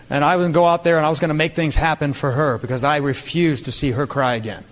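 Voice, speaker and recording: A middle-aged man giving an earnest, plain-spoken motivational talk, pausing with "uh" now and then. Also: fairly high pitch, fairly even intonation. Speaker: speaker at a business event. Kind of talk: motivational speech. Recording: reverberant hall with faint crowd.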